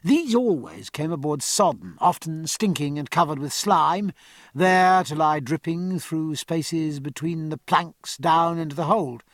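A man narrating an audiobook in a measured, even storytelling manner. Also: fairly high pitch, no echo. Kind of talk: scripted narration.

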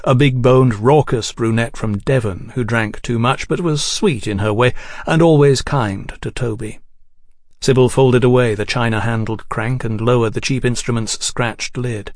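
A male audiobook narrator reads a novel in a measured, descriptive way as scripted narration. His voice is medium-pitched, and the sound is clean studio audio with no echo.

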